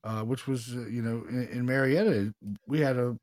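A man co-hosting a podcast, telling a story in casual, excitable, slangy chat. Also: mid-range voice, normal speed, no room sound, studio quality. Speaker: paranormal investigator, podcast co-host.

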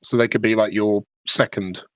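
A man's voice: on the low side, level tone, normal speed. A man playing in a tabletop game, helpfully suggesting ideas in casual chat over a voice call. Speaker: player.

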